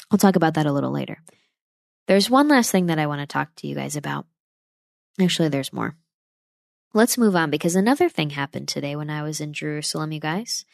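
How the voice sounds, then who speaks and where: Low, gravelly woman vlogging. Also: a little mellow, no echo, studio quality. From United States. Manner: impassioned, opinionated, addresses viewers directly. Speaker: travel vlogger. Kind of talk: casual opinionated vlog monologue.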